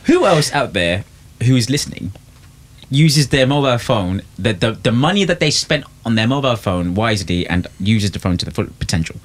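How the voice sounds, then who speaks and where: A man's voice: medium pitch, sing-song, brisk. A man hosting a podcast, chatting casually with friends. His mid-range voice swoops up and down with plenty of life, playful and a little mock-grand as he jokes at his own expense. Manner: playful, mock-pompous, self-mocking. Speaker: podcast host. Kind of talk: casual chat.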